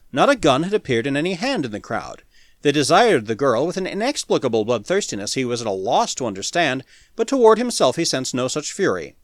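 A man narrating a pulp science fiction story as an audiobook in a dramatic, animated reading. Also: mid-range voice, no room sound, clean studio sound.

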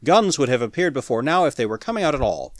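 A man narrating a pulp science fiction story as an audiobook in a dramatic, animated reading. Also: medium pitch, fast, slight background noise.

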